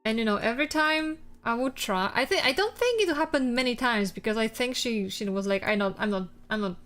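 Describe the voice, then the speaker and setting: A woman's voice: fairly high pitch, animated, fairly quick, fairly bright tone, faint music behind. A woman streamer chatting casually with viewers, rambling and swearing through exasperated rants.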